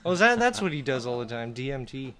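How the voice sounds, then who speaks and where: A man's voice: medium pitch, sing-song, fast, a crowd in the background. A man co-hosting a comedy podcast, crude and joking, often laughing. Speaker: podcast co-host. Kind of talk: casual comedy podcast chat.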